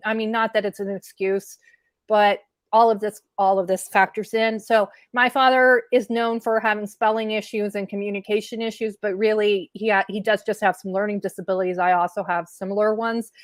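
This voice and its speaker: A woman guest in an interview, talking earnestly and candidly in quick bursts with fillers. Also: mid-range voice, little pitch movement, no room sound. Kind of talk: conversational interview commentary.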